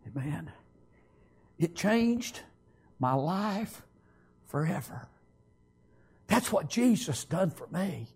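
A man giving a fervent sermon testimony, swinging from shouts to hushed tones and repeating phrases. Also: a little high, animated, slow, long pauses, breathy edge.

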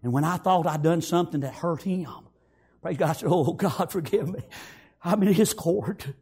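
A man preaching, telling a story in a sermon, swinging from hushed whispers to loud shouted praise. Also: a little high, moderate pace, husky.

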